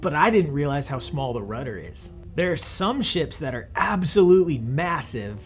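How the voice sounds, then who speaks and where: A man's voice: a little high, big pitch swings, normal speed, soft background music. A young man teaching a scripted Bible lesson to children in a friendly, patient way.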